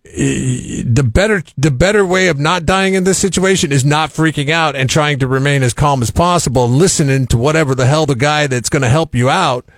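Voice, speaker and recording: Radio morning guy, husky and kinda high, dry studio sound, jokey. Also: no echo. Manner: joking, laughs often, acts out voices. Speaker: radio show co-host. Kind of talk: casual morning radio banter.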